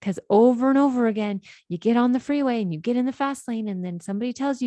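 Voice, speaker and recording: A woman's voice: a little high, lively intonation, fast talker, few pauses, mellow, no room sound. A woman life coach hosting a podcast, explaining ideas in an earnest, conversational monologue and often checking in with "right?".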